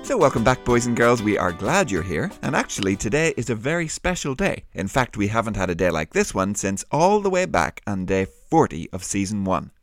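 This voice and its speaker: A man hosting a kids' Bible podcast, his low-pitched voice moving up and down with lots of life. He talks warmly and like a teacher. The recording is dry and close. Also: fairly quick, few pauses, dry recording, soft background music. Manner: warm, lively, teacherly. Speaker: children's podcast host.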